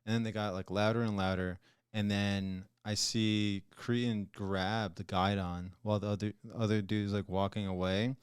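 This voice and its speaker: A young man, a Navy corpsman and podcast guest, telling a story in a relaxed, loose way. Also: on the low side, normal speed, smooth, no room sound, clean studio sound. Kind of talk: casual storytelling.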